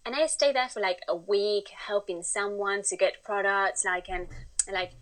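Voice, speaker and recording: Lively Spanish-accented woman telling a story. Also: medium pitch, unhurried, poor audio. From Spain. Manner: animated, acts out quoted voices. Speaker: guest. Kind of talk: casual interview storytelling.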